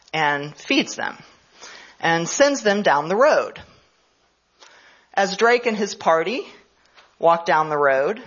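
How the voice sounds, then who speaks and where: A woman's voice: on the low side, a bit bright. Woman lecturing on history, lo-fi radio. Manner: storytelling, explanatory, checks in with "right?". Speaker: history professor. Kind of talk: conference lecture. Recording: slightly dull lo-fi radio broadcast.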